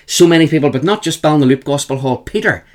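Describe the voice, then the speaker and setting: A man with a Northern Irish accent, a guest telling emphatic, animated stories in an interview. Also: a little high, fast. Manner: animated, emphatic, repeats the host's name. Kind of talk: storytelling in an interview.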